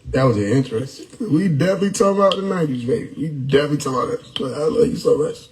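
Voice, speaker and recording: A man hosting a live stream, riffing loudly on chat comments with frequent laughter and profanity. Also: fairly high pitch, rapid-fire, hardly any pauses, slight background noise, poor audio. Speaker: livestream host reading chat. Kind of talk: casual livestream chat. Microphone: phone or desktop mic on a live stream.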